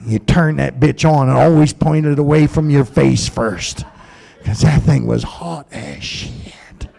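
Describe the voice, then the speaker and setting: A man's voice: on the high side, measured pace, gravelly, dark tone. A middle-aged man doing profane stand-up in a comedy club, ranting and telling stories on a stage mic.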